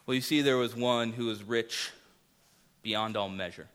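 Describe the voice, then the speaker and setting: A man preaching a sermon as pastor, earnest, rising to loud emphasis and dropping to quiet, intimate lines. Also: mid-range voice, steady tone, unhurried, smooth.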